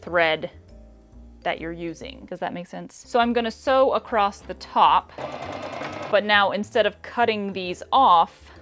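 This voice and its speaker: A woman's voice: medium pitch, a little slow, fairly bright tone, soft background music. A young woman with a regional American accent hosting a casual sewing vlog, chatty and self-deprecating as she thinks aloud while she works. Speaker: sewing video host.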